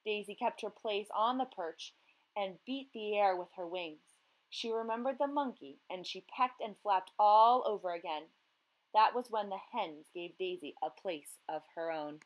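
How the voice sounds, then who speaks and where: Woman teacher reading a picture book aloud; gentle, expressive, talks to young readers. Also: medium pitch, measured pace, low-quality recording. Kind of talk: children's story read-aloud.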